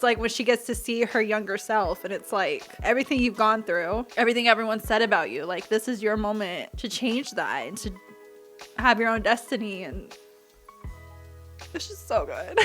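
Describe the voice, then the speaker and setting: A woman's voice: on the high side, a bit bright. A woman giving casual, emotional movie reaction commentary, gushing and laughing often. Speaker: reaction YouTuber.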